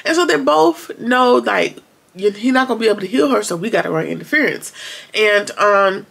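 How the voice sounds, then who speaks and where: A woman with a gravelly, fry-tinged voice gives a relaxed recap of a TV episode. She talks colloquially, with sarcastic asides between her retellings. Her voice sits at a middle pitch. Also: moderate pace. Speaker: TV episode reviewer.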